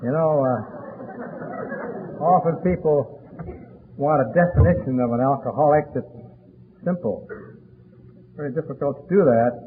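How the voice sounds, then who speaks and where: Elderly male speaker, storyteller, old lo-fi phone-band recording, faint hiss. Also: mid-range voice. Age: 80s. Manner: storytelling, chatty and deliberate with frequent fillers. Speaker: speaker sharing his story. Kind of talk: recovery meeting talk.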